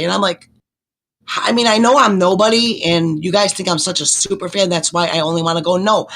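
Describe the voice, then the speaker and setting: A woman's voice: on the low side, a bit bright, slight background noise. A woman in her sixties, a nurse and panelist, rambling through an emotional explanation in casual chat.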